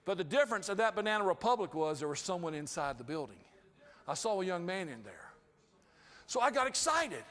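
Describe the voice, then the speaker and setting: A man with a high voice tells a lively, humorous story to a live group. He is giving a customer service training talk. His voice rings out with a long reverb, as in a large hall. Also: brisk.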